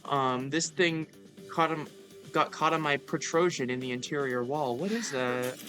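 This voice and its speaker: A woman's voice: very deep voice, moderate pace, fairly bright tone, faint music behind, pitched below the performer's own voice. A woman reading game dialogue aloud as characters while chewing food, the words mumbled. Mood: deadpan. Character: game characters read with a mouth full of banana.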